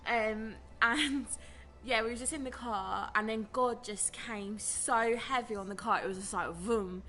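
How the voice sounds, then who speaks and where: A woman's voice: on the high side, measured pace, fairly bright tone. A young British woman chatting casually to camera as a vlogger, telling stories in a rambling way. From Britain. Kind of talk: casual vlog chat.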